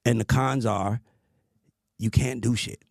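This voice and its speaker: A man telling stories as a podcast guest in a casual, animated way, acting out the voices he quotes and swearing freely. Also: mid-range voice, unhurried, vocal fry, no room sound. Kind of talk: casual storytelling.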